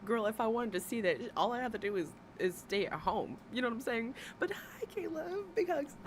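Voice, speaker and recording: Against a noisy background, a livestream host speaks fast in a medium-pitched woman's voice. Her talk is blunt, sarcastic ranting and gossip, full of swearing.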